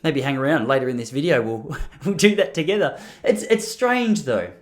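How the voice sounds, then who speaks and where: Lively joking Australian man. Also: a little high, moderate pace. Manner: joking, rambling, slips into playful mimicry. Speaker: podcast host. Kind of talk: casual chat to camera. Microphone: on camera.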